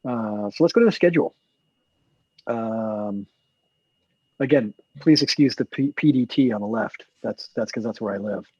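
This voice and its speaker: Casual male host, husky voice, rambling with fillers, dull call audio. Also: lowish voice, normal speed, long pauses, mellow, no echo. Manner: chatty, rambling with many fillers and restarts. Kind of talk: casual chat on a video call.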